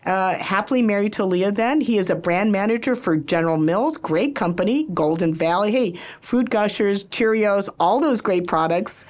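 A woman's voice: mid-range voice, normal speed, few pauses, a little mellow. Older woman hosting a chatty radio show. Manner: chatty, laughs often, tells anecdotes. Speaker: radio talk show host. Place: radio studio. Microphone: studio microphone.

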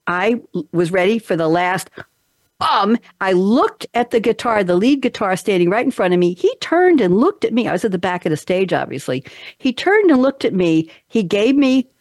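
A woman's voice: medium pitch, a little mellow, no echo, clean studio sound. A woman radio talk show host telling stories in a casual chat, acting out quoted voices with animation.

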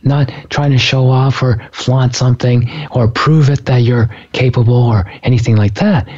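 A man telling a story in a relaxed spiritual talk, animated and laughing often. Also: mid-range voice, lo-fi sound. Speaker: author and speaker.

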